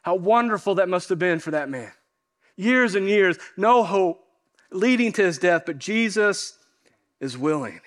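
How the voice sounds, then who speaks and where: A male pastor preaching a sermon in an earnest way, often dropping softer at the end of a point and repeating phrases for emphasis. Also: high voice, lively intonation, measured pace.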